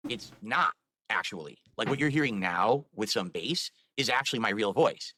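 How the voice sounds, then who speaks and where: A man's voice: on the low side, lively intonation, moderate pace, pushed and bright. A man streamer talking on a live stream, explaining himself at length in a rambling, defensive way. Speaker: video game streamer.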